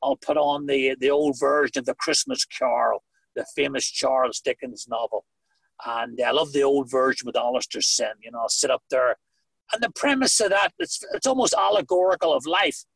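A man's voice: mid-range voice, moderate pace, gravelly, fairly bright tone, slightly rough, no room sound, poor audio. A middle-aged man with a Northern Irish accent, giving earnest personal testimony with dry humor on a video call. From Northern Ireland. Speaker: recovery meeting speaker.

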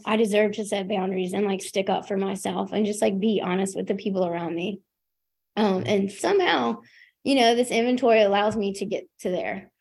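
A young woman talks openly about her recovery at a meeting. She keeps it casual and self-deprecating and fills her sentences with "like" and "you know". Her pitch sits in the middle for a woman. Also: a little mellow, breathy edge. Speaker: recovering alcoholic sharing her story. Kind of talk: candid personal share at a recovery meeting.

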